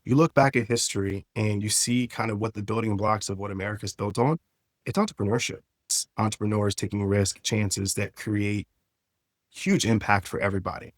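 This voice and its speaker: A man's voice: lowish voice, brisk, no room sound, clean studio sound. A man speaking as an entrepreneur guest on a podcast, talking earnestly and eagerly. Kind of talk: casual interview chat.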